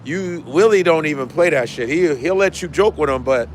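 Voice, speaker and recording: A man's voice: on the high side, expressive, normal speed, slight background noise. A man hosting his own livestream as a comedian, chatting loosely with viewers, swearing and repeating lines for emphasis. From United States. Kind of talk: casual chat with viewers.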